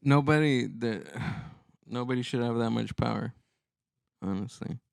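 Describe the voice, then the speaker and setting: A man's voice: mid-range voice, measured pace, vocal fry, darkish tone, smooth, no echo, clean studio sound. A man co-hosting a comedy podcast, chatting casually and rambling with many restarts and trailing-off sentences. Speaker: podcast co-host.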